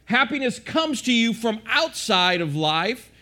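Male preacher, high voice, questions the congregation, restarts a lot. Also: big pitch swings, unhurried, sharp tone. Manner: questioning the audience, repetitive restarts. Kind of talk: sermon.

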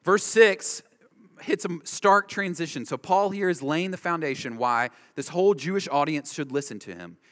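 Emphatic preacher in an echoing hall. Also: male voice, a little high, lively intonation, normal speed, a bit bright. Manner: emphatic, driving home points with repeated short phrases. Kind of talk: expository sermon. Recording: long reverb of a large hall.

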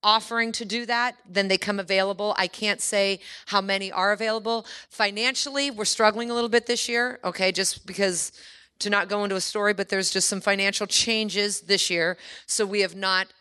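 A woman's voice: mid-range voice, steady tone, brisk, pushed and bright, smooth. A woman who runs a kids camp, speaking earnestly and enthusiastically at a church meeting and answering questions from the audience.

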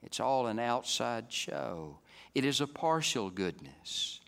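A man preaching a sermon, swinging from loud, emphatic climaxes down to soft, low passages. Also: sing-song, takes it slowly, gravelly. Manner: dynamic, rising to loud emphatic peaks then dropping soft. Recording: reverberant hall.

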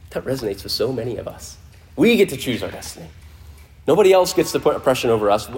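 Guy giving a sermon at church, average pitch, chatty, repeats words, gets quiet to make a point. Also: sing-song, fast talker. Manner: conversational preaching with restarts, sudden quiet drops for emphasis. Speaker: pastor. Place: church in front of a congregation.

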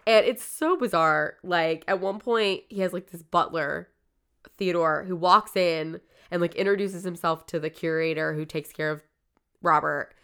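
A woman with a lower-pitched voice hosts a podcast, chatting casually. She retells stories loosely, swearing freely and leaning on "like". Her tone comes through smooth and clear. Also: normal speed, a bit bright. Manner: loose, profane, lots of "like". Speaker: podcast host. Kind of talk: casual chat, retelling a story.

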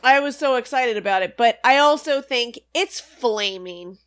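Female podcast co-host, chatty and casual, slightly high voice. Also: expressive, normal speed, a bit bright. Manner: chatty, hedging with fillers, thinks aloud. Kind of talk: casual chat recapping a sitcom episode.

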